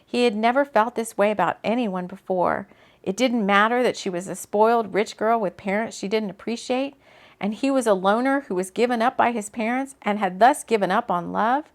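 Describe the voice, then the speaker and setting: A woman's voice: medium pitch, normal speed. Chatty woman reading her own book aloud. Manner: chatty, laughs at her own slips and comments mid-reading. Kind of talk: casual book reading with asides.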